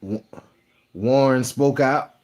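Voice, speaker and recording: A man's voice: mid-range voice, slow pace, darkish tone. A young man with a Texas Southern accent, hosting a live stream, rambling and bragging in slangy casual chat. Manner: boastful, rambling, slangy storytelling.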